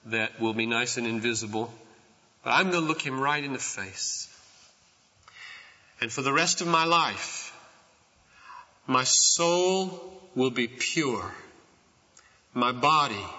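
A middle-aged man preaching a sermon in a church, slow and impassioned, rising to shouts at his peaks. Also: mid-range voice. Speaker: pastor. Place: church sanctuary. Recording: muffled sound with long hall reverb.

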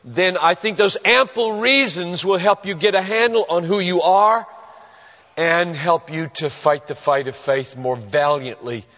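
Male pastor, high voice, slow deliberate delivery, earnest emphatic sermon, long reverb in a church sanctuary. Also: pushed and bright. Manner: earnest, emphatic preaching with dramatic pauses. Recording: dull recording with long hall reverb.

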